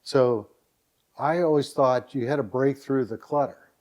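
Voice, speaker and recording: A dating site founder, appearing as a podcast guest, tells stories in a relaxed way at a slightly slow pace. His voice sits at medium pitch, and he gets animated, raising his voice to act out quotes.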